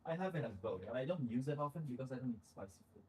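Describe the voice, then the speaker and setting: A man's voice: mid-range voice, expressive, racing, a little hiss or hum. A man hosting a casual live stream, chatting straight to his viewers with plenty of fillers.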